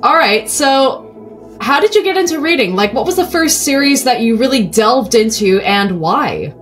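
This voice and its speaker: Woman podcast host, higher voice, chatty book talk, faint music behind. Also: lively intonation, moderate pace. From California. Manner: chatty, self-deprecating, warm welcomes. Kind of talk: casual podcast chat.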